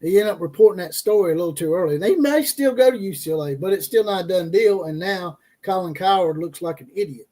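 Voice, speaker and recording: A brash man with a fairly high voice hosts a college football livestream. He talks loosely and profanely, mocks players and reporters, and chuckles at his own jokes while reading chat. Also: lively intonation, fast, hardly any pauses, mellow.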